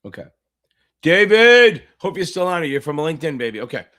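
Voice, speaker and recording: A man tutoring for a finance exam, hosting a livestream Q&A, loud and profane, hyping viewers up and answering chat questions. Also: fairly high pitch, big pitch swings, brisk. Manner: loud, profane, hyped-up coaching.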